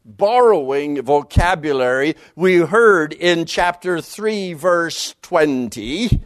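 A Bible teacher delivers an expository lecture with animated emphasis, dropping his voice low and quiet to stress key words. He reads scripture passages aloud quickly, and the studio recording is clean with no echo.

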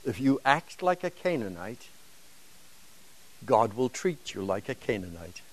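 A man's voice: medium pitch, big pitch swings, measured pace. A man teaching a Bible lesson to a class, emphatic and dramatic, driving home points with rhetorical questions.

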